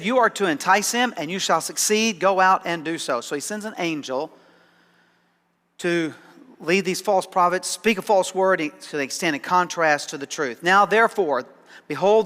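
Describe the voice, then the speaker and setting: A man's voice: sits high, sharp tone, in a large hall. A man preaching a sermon as pastor, conversational and dryly sarcastic, often repeating words as he starts a thought. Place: church sanctuary.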